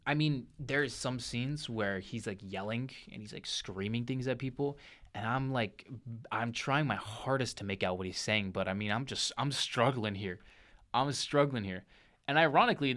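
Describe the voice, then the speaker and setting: A young man with a medium-pitched voice hosts a casual movie review show, speaking animatedly and often restarting or correcting himself.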